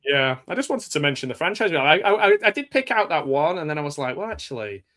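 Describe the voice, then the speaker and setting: A man's voice: fairly high pitch, big pitch swings, fast, a bit bright. An English man hosting a casual live chat about films, rambling and hesitant, with many fillers and restarts. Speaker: show host.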